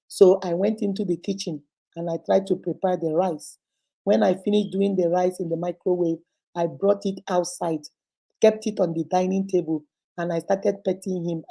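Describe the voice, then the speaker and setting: Woman, low voice, very mellow tone, dramatic letter reading, acts out quoted voices. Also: breathy edge. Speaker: relationship advice host reading a letter. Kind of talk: reading a listener's letter aloud.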